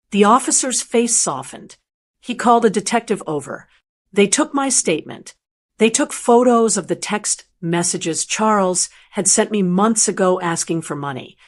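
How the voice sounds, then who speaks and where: An older woman narrates a first-person family drama with calm, measured delivery. Her voice sits at a middle pitch and keeps the storytelling steady.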